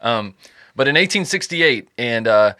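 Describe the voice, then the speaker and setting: A man's voice: mid-range voice, expressive, measured pace, sharp tone, no echo, studio quality. A man hosting a podcast in casual chat, telling the story as a joking, profane storyteller. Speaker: podcast host.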